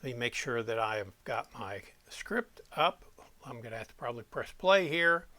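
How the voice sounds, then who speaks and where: Bright-voiced man teaching audio editing. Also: mid-range voice, expressive, normal speed. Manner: step-by-step, talks while clicking through software. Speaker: audio production instructor. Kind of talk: software walkthrough tutorial.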